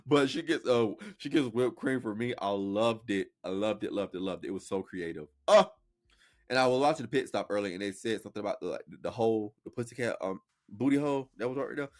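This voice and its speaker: A man's voice: medium pitch, animated, normal speed. A man hosting a podcast, talking in a sassy, playful way as casual reaction commentary. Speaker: podcast host.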